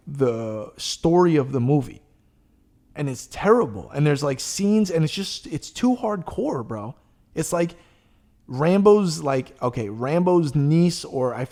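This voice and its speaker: A man hosting a podcast, chatting casually and telling a long story in a rambling, profane, animated way. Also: medium pitch. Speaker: podcast host. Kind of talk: casual chat.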